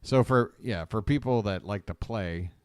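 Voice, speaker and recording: A man streaming a game live, griping, trash-talking his opponent and complaining about his bad luck in a casual, animated way. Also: on the low side, a little slow, clean tone, no echo, clean studio sound. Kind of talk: casual live-stream commentary while gaming. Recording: loud music playing behind. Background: loud music.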